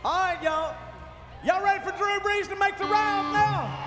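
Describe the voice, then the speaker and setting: A man hyping up a crowd as event host, shouting over a live band in a hall. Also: very high voice, moderate pace. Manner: loud, shouting, pumping up the crowd. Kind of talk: hyped emcee crowd work. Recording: echoey hall, loud music behind.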